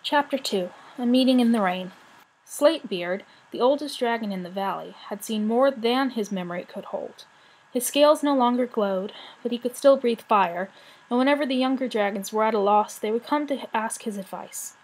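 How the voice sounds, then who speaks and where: A woman reading a children's fantasy novel aloud with expressive, measured narration. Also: fairly high pitch, slightly rough, poor audio.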